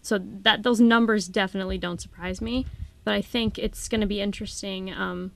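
A woman's voice: mid-range voice, steady tone, fairly quick, vocal fry, a bit bright. A young woman from Minnesota, a student guest on a radio show, friendly and thoughtful. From Minnesota, USA. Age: young adult. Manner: friendly, thoughtful, laughs easily. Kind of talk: casual radio chat.

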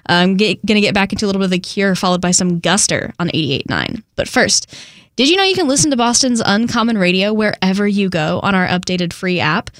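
A woman radio DJ chatting casually between songs, relaxed and conversational. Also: medium pitch, a little fast, no echo, clean studio sound. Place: radio studio. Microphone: studio microphone.

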